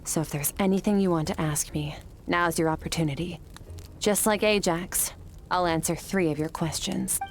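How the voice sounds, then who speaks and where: An actress voicing an aloof, powerful swordswoman mentor who speaks calm, clipped and matter-of-fact. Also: fairly low pitch, normal speed, a little hiss or hum, lightly acted. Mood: cool.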